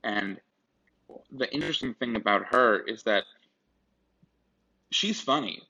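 A man's voice: mid-range voice, unhurried, gravelly, sharp tone, slight background noise. A man co-hosting a podcast in casual chat, rambling with many restarts and asides. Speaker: podcast co-host. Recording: dull lo-fi sound.

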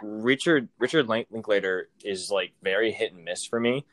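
Deep-voiced man chatting casually. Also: normal speed, fairly bright tone, no echo. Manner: rambling, swears freely, laughs easily. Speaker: podcast co-host. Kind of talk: casual chat.

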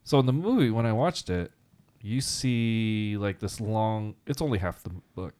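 A man co-hosting a casual podcast, a teacher who tells animated stories, acts out quotes and talks with many fillers. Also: on the low side, normal speed. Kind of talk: casual chat.

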